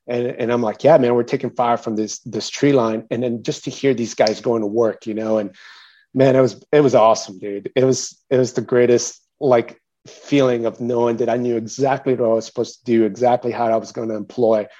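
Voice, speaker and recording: A man recounts a story as a guest, in a relaxed, mellow voice full of fillers and restarts. He gets animated and louder whenever he quotes someone. The recording sounds somewhat dull and lo-fi. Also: mid-range voice, a little fast. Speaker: interview guest, military veteran. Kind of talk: casual storytelling.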